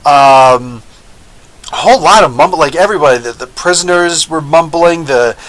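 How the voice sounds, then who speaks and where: An American man hosting a live review show, talking in an animated, rambling way about an episode. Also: on the high side, moderate pace, poor audio. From United States. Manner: animated, rambling, with frequent laughs and mock voices. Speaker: host of a comic book review show.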